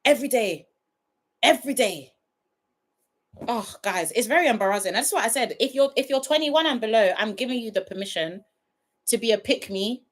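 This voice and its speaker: Lively woman reviewing TV. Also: a little high, normal speed, pauses often. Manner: animated, often breaking into laughter, talking to viewers directly. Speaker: reality TV reviewer hosting a livestream. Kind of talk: casual chat.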